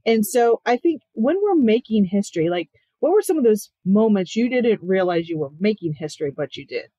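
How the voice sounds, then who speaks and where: A woman's voice: medium pitch, very animated, fairly quick, mellow, no room sound. A woman hosts the interview in a reflective way, thinking aloud and circling her questions. The recording sounds a bit muffled. It is also dry and close. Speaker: podcast host. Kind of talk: conversational interview.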